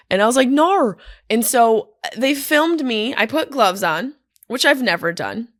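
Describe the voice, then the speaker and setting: A woman comedian telling casual stories on a podcast, animated, profane and self-deprecating, from a hotel room. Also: a little high, normal speed, dry recording, studio quality. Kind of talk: casual storytelling monologue.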